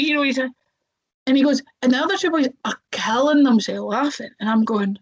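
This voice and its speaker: A woman's voice: sits high, animated, moderate pace, breathy edge, poor audio. A young woman, a wrestler, telling stories casually in an interview, chatty, with lots of fillers and voices acted out.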